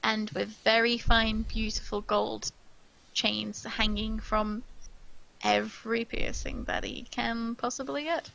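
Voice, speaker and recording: A woman game master narrating a tabletop fantasy game at an unhurried pace, pausing to search for the right word. Her fairly high voice carries a steady gravelly fry. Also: poor audio. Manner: slow, hesitant description with searches for words.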